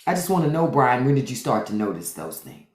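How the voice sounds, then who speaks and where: A woman's voice: rumbling low, big pitch swings, brisk. Sassy blunt woman livestreaming in a roomy echo. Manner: sassy, blunt, brushes off trolls. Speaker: livestream host. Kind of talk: unfiltered live-stream chat. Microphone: phone for a live stream.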